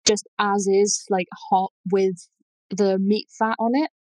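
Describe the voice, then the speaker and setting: A woman's voice: mid-range voice, little pitch movement, takes it slowly, a little mellow, no room sound, rough recording. Woman with a Lancashire accent, dry close sound. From Lancashire, England. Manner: explanatory, thoughtful, with many ums. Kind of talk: casual chat about food history.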